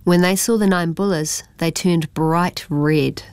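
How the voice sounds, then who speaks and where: A woman, reading a children's story aloud in a plain, steady way. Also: lowish voice, measured pace, smooth, no room sound. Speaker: narrator.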